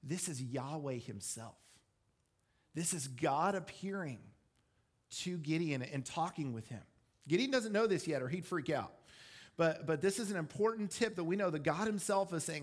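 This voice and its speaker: A man preaching a sermon with a slightly high voice, talking his listeners through the story in a relaxed, explanatory way. He drops in self-deprecating asides and stays conversational rather than formal. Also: normal speed. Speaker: pastor.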